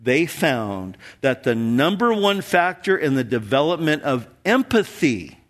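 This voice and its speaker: A man in his fifties, a pastor preaching a sermon, earnest, with loud emphasis that drops at times to a near-whisper. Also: on the high side, sing-song, unhurried.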